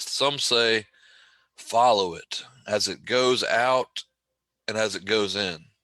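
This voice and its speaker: Calm, low-voiced man guiding meditation. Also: no echo. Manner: slow, gentle, calm guidance with casual asides. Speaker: meditation guide. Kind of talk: guided breathing meditation.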